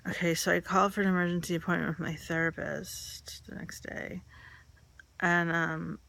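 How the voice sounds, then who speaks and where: A woman's voice: on the low side, little pitch movement, moderate pace, creaky, fairly bright tone. A woman telling a candid personal story, rambling and filled with "like" and "um".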